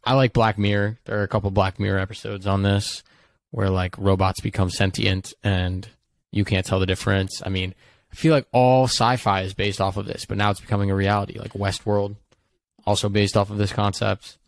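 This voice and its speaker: A young man co-hosts a casual podcast with playful energy. His voice sits a bit low. The sound is dry and close. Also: little pitch movement, fairly quick, gravelly, dry recording. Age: young adult. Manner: playful, makes silly robot beeps. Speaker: podcast co-host. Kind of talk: casual chat.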